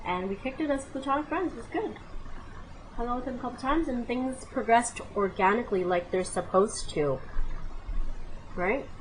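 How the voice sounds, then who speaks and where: A woman in her late twenties telling a comic personal story as a vlogger, animated and dramatic, with exclamations and asides to the viewer. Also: on the high side, normal speed, slight background noise, low-quality recording. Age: 20s.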